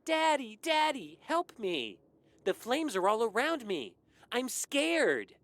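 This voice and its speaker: A man voicing a cruel boy who mockingly fakes a burning child's shrill screams for help. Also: big pitch swings, slow pace, fairly bright tone, dry recording, heavily acted. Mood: mocking shrieks. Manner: shrill taunting shrieks.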